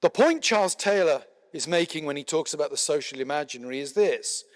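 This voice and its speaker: A middle-aged man lecturing to a conference audience, his voice sitting a little high for a man. He explains in a measured way, with plenty of "uh"s and the odd dry aside. The room has a long, lingering reverb. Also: expressive. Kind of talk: spoken lecture.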